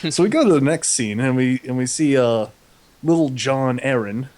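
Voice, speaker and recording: A man's voice: medium pitch, expressive, moderate pace, darkish tone. A young man casually recapping an episode with a comedic twist, paraphrasing the characters in slangy, offhand voices.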